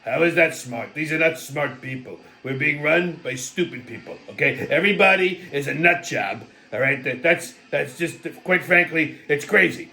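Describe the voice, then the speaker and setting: A man's voice: on the high side, creaky, bright, forceful tone. A man doing a blustering president. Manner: blunt, repetitive, dismissive. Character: blustering male president, boastful, blunt. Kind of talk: comedic impression.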